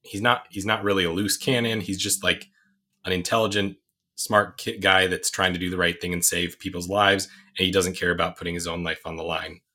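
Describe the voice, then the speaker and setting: A man's voice: low-pitched, flat delivery, a little fast, pushed and bright. A man in a casual movie discussion, talking in a rambling, hesitant way full of fillers and restarts.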